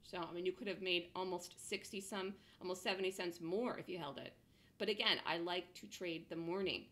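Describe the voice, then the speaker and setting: A woman coaching day traders over a chart walkthrough, blunt and emphatic, punctuating her points with "boom". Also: steady tone, fairly quick, a bit bright. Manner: emphatic, punchy with "boom" interjections; blunt, self-assured. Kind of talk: screen-share trading lesson.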